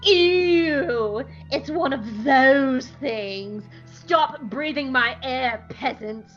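Woman putting on a pompous officer, snooty, drawn-out, disdainful. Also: high voice, fairly bright tone, lo-fi sound, faint music behind. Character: pompous rude male imperial officer.

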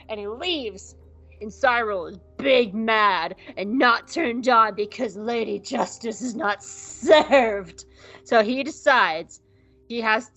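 A woman co-hosting a podcast, casually recapping an episode and acting out the characters in quick mock voices. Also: medium pitch, a bit bright, lo-fi sound. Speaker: podcast co-host.

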